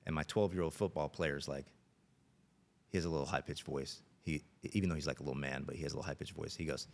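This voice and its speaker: A man's voice: rumbling low, steady tone, fast, vocal fry. A middle-aged man, a police officer, telling stories earnestly and plainly as a podcast guest. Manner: earnest, plain-spoken storyteller. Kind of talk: podcast interview storytelling.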